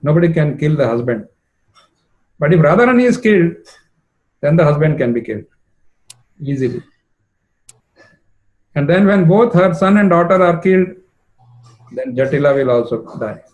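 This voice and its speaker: A man voicing a stern, angry male king of snakes who speaks in measured threats. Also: on the high side, animated, darkish tone, natural voice, rough recording.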